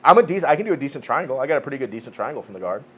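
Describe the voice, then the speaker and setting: A man's voice: mid-range voice, very animated, rapid-fire, husky. A man in his forties, a podcast co-host telling a training story in a casual chat, swearing freely and restarting his sentences. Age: 40s.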